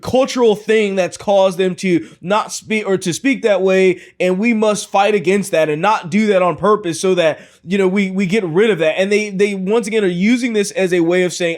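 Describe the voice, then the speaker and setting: A man's voice: high-pitched, moderate pace, hardly any pauses. A man hosting a reaction commentary, talking in an incredulous, mocking way and often repeating himself. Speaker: commentary host.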